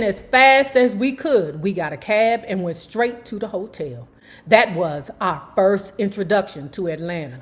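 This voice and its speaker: A woman reading a memoir aloud in first person, stopping now and then for chatty asides to her viewers. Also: mid-range voice. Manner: animated, breaks off to talk to viewers.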